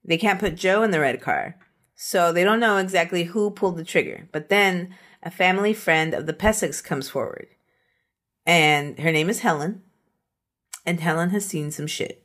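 A woman's voice: on the low side, normal speed, a bit bright. A woman hosting a true crime podcast, telling the case in casual chat, laughing often and acting out quotes. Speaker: podcast host.

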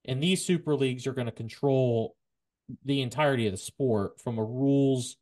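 A man hosting a casual sports podcast, stumbling over repeated words and then rushing ahead in bursts of excitement. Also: medium pitch. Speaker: podcast host.

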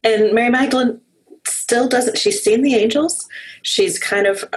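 A woman co-hosting a faith podcast, relaxed as she reflects on a scene and hands the discussion to the others. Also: a little high, measured pace, a little hiss or hum, low-quality recording. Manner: relaxed, guiding the discussion with questions. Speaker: podcast co-host.

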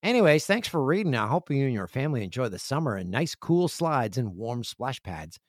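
A man's voice: big pitch swings, brisk, no echo, studio quality. A man hosting his podcast in a casual, jokey chat, reading emails and acting out friends' reactions. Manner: chatty, jokey, acts out friends in loud high voices. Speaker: podcast host. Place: home studio with stairs nearby.

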